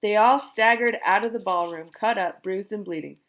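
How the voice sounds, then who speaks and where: A woman reading a children's book aloud, animated and singing out the sound effects herself. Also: mid-range voice, moderate pace. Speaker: storyteller.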